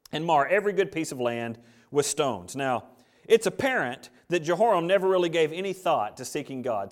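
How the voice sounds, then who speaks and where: A man preaching a sermon, reading scripture aloud and building to emphatic, rising peaks. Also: a little high. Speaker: pastor.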